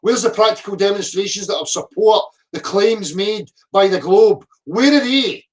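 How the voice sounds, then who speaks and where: A man's voice: high-pitched, animated, normal speed. A middle-aged man, ranting profanely at viewer comments, abrasive and mocking. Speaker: flat earth video commentator. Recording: voice a bit distant from the mic.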